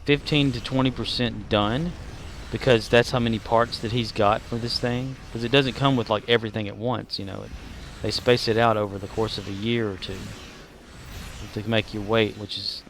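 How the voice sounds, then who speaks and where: A man's voice: fairly low pitch, fairly even intonation, normal speed, a bit bright, slight background noise. A man, chatting casually and rambling with many fillers while streaming a game. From Southern United States. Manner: rambling and jokey, heavy on fillers. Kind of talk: casual gaming commentary.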